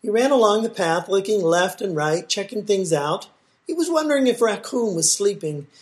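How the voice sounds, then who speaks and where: A woman reading a folk tale aloud in a measured, expressive way. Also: mid-range voice, breathy edge. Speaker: storyteller.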